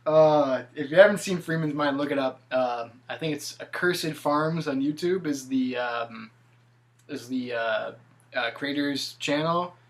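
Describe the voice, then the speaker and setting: Chatty, laughing man hosting a podcast. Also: fairly high pitch. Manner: laughs often, halting with fillers. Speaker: podcast host. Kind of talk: casual chat.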